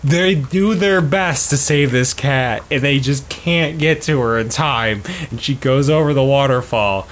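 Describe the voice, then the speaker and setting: A man co-hosting a casual podcast, recapping a movie in loose, profane chat and acting out the characters in quick bits. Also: mid-range voice, a little hiss or hum. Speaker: podcast co-host.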